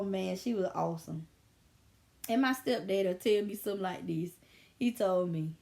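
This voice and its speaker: A woman in her thirties talking to her viewers in a casual vlog, telling stories in an animated, emphatic way. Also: on the high side, vocal fry. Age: 30s. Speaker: vlogger. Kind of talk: casual storytelling commentary.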